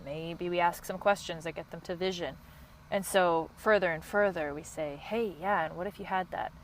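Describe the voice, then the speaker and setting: Passionate fast-talking woman coach. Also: fairly even intonation, slight background noise, rough recording. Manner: passionate, quick, high-energy. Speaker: podcast host and couples coach. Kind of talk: solo podcast talk.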